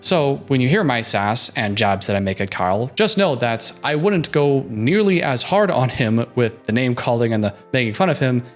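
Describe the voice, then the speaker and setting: A man's voice: medium pitch, lively intonation, normal speed, few pauses, soft background music. A man giving a casual, sassy recap of a reality show, throwing in joking asides. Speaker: reaction commentator.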